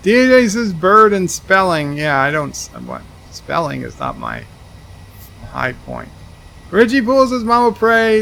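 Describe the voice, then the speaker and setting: Streaming a game, a man reads chat messages aloud and answers them with dry asides in casual commentary. His voice is high, creaky and fairly bright, with a little hiss or hum in the background.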